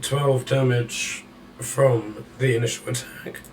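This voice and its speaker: Guy running a tabletop game, measured narration, mid-pitched, kinda far from the mic. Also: steady tone, slight background noise. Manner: measured play-by-play with restarts. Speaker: dungeon master.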